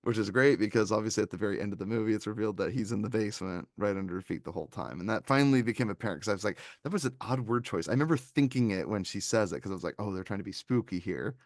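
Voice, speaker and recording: A low, gravelly man talking through a film in casual podcast chat. He gets animated and slips into small impressions of the characters. The sound is dry and close. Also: racing, few pauses, dry recording. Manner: animated, quoting scenes in little put-on voices. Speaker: podcast co-host reviewing films.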